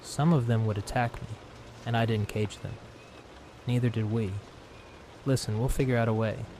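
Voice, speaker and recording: A man voicing a gentle elderly female centaur, polite and soft-spoken, in a narrated horror story. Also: medium pitch, fairly even intonation, normal speed, background noise, close to an everyday voice. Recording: clear rain sounds behind voice.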